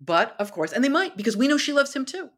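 A woman author, a podcast guest, explaining storytelling with lively retellings of film scenes. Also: sits high, fast talker. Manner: animated, acts out dialogue in quotes.

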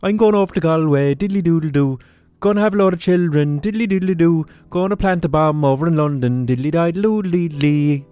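A man putting on a cheery stage Irishman, singing a mocking jingle in a high, sing-song voice. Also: fairly quick, warm tone, clean tone, no echo, faint music behind, close to an everyday voice.

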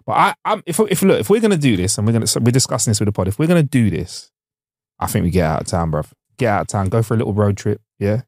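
A man's voice: fairly low pitch, animated, quick pace, a little mellow, no echo, studio quality. Upbeat slangy man. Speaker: podcast co-host. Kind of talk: casual chat.

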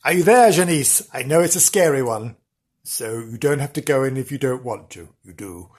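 Bloke hosting a spooky comedy podcast, hammy and teasing, voice swoops all over, bit husky. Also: male voice, mid-range voice, animated, moderate pace, darkish tone. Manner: theatrical, teasing, playful asides. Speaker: podcast host. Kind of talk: comic podcast storytelling.

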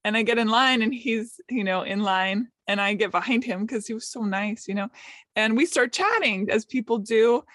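A woman's voice: on the high side, normal speed, fairly bright tone, no room sound, clean studio sound. Emotional woman telling a personal story. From United States. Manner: emotional, self-deprecating, quotes others in light voices. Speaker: podcast host, guest.

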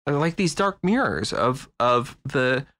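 A man at a middling pitch, recorded dry with almost no room sound. He talks his ideas through as he goes, full of "like" and "right?" as he builds his point. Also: very animated, measured pace, a bit bright, no room sound. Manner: thinking aloud, many fillers like "like" and "right?". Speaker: podcast co-host. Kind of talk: casual chat.

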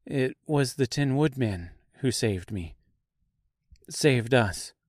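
A gentle, composed young woman voiced by a man who speaks quietly and solemnly, without any stretch into falsetto. The pace is slow and the recording is dry and close. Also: expressive, no echo. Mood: calm. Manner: soft-spoken and solemn. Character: calm, kind young woman. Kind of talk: audiobook character voice.

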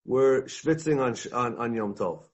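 A man teaching a Talmud class, animated, weaving Hebrew and Aramaic terms into his English and acting out the dialogue. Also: medium pitch, normal speed, husky, muffled recording.

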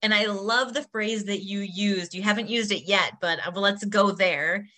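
A woman's voice: mid-range voice, normal speed, pushed and bright. A woman hosting a podcast in casual conversation, candid and emphatic, repeating phrases for stress. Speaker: podcast host.

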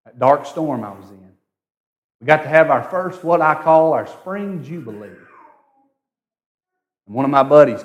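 A man with a medium-pitched voice preaches a sermon built around a personal story. He swings from hushed, intimate tones to loud, excited cries.

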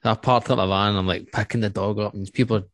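A man's voice: lowish voice, steady tone, fast talker, dry recording, clean studio sound. A man hosting a podcast, telling a story in an indignant tone and swearing. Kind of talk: casual chat.

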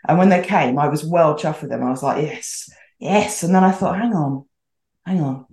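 A woman's voice: low voice, normal speed, darkish tone. A middle-aged woman telling a story casually as a podcast guest, chatty and acting out the voices she quotes. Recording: roomy echoey sound.

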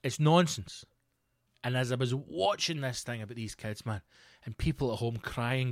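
A man's voice: mid-range voice, normal speed, dry recording, studio quality. A Scottish man hosting a podcast, ranting in a sweary, sardonic, casual way. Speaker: podcast host. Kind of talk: casual comedic rant.

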